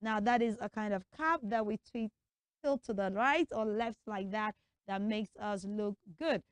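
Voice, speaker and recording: A young woman presenting a children's TV lesson, coaxing answers in a lively call-and-response way. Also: medium pitch, measured pace, no room sound.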